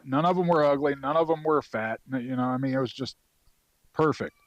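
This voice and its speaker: A man of about forty from North Carolina tells an old service story in a relaxed, rambling way. He swears freely and leans on fillers. His voice has a middling pitch, and the sound is dry and close with almost no room echo. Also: brisk, muffled recording. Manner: loose and profane, with many fillers. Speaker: podcast guest, Marine veteran. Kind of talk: casual storytelling.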